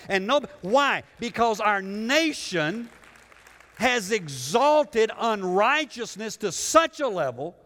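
Preaching pastor in a reverberant hall. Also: male voice, high voice. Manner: dramatic preaching, swinging from loud to hushed. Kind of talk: sermon.

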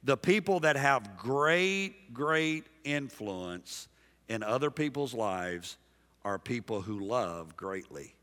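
A man preaching a sermon as pastor, emphatic and dynamic, dropping soft and then rising loud while he calls out to the congregation. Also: mid-range voice, lively intonation, takes it slowly. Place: large church sanctuary. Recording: long hall reverb from a big church.

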